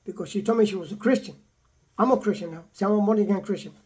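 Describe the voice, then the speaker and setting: An older man casually telling a personal story in a repetitive, animated way, quoting the people in it. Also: high voice, quick pace, breathy edge. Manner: repetitive, animated retelling with acted quotes. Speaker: vlogger telling his own story.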